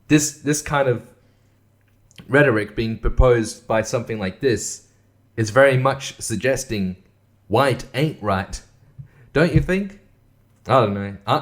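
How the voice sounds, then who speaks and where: Sarcastic, swearing male podcast host. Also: mid-range voice. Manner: sarcastic, swearing, laughing often, mocking. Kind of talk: casual solo commentary.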